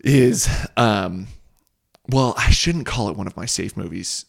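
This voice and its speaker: A man hosting a podcast, chatting casually with a friend in a rambling, excitable way full of fillers and the odd swear word. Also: on the low side, unhurried, gravelly. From United States. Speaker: podcast host. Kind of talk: casual chat.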